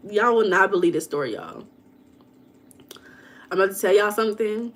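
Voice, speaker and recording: During a casual livestream, a woman host greets viewers by name and replies to what they write. She tells stories in a loose, dramatic way, her voice at a middle pitch.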